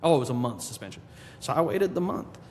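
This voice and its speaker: A man's voice: fairly high pitch, fast. A man, a podcast guest, telling a long story in a casual interview and acting out what others said to him. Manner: animated storyteller, quotes people in his own voice. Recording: long reverb with faint background noise.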